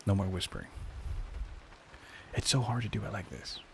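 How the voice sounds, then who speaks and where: A man's voice: fairly low pitch, expressive, moderate pace, creaky, a little hiss or hum. A man chatting casually and hesitantly in an ASMR stream, with many restarts.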